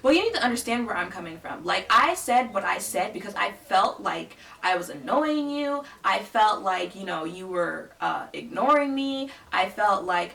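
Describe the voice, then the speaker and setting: A woman's voice: mid-range voice, expressive, moderate pace, creaky, few pauses, fairly bright tone, reverberant, distant mic. A woman playing a flustered young female roommate who stumbles over her words.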